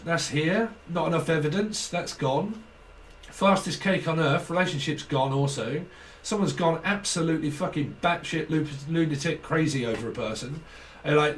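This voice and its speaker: A man rambles through a loose tarot reading, swearing freely and laughing as he goes. His voice sits a touch high. He is heard from a little way off the mic, with a faint hiss underneath. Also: moderate pace, distant mic. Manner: rambling, profane, laughing often. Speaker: tarot reader. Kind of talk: casual channelled tarot reading.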